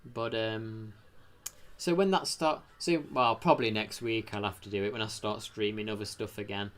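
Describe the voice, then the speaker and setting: Chatting casually on his live stream, this British man's voice sits on the low side and moves at a moderate pace. He rambles, gives thanks to people in the chat, and now and then bursts out with excited exclamations.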